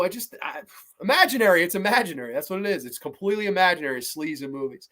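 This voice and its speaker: A male horror podcast host chatting casually on a livestream. His voice sits a touch high, and he rants with plenty of swearing. He stammers and restarts whenever he gets heated. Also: fairly quick. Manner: ranting, profane, animated, stammering restarts.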